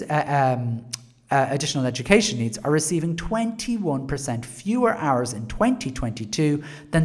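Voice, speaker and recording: An Irish education podcaster talking in a monologue, sarcastic with wry asides. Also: mid-range voice.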